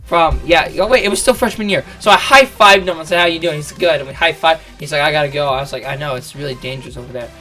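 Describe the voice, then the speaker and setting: Rambling young man with a bright voice. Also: on the high side, quick pace, hardly any pauses, faint music behind. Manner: rambling, swears a lot, many fillers and restarts. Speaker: vlogger. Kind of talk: casual storytelling.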